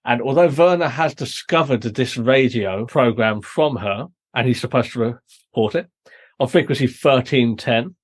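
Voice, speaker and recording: British male podcast host, middle pitch, explanatory and chatty. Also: moderate pace, slightly rough. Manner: explanatory, recapping plot at length. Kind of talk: casual review chat.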